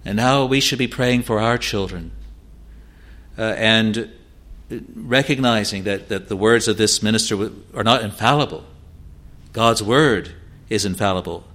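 Earnest low-voiced man preaching. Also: a bit bright. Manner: earnest, rises to emphatic pleading peaks; slow, deliberate delivery of scripture. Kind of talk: sermon.

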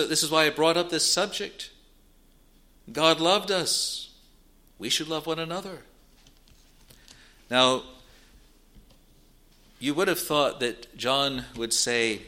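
A man preaching a sermon in a measured, deliberate way, reading out old-style scripture verses and explaining them. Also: mid-range voice, bright, forceful tone.

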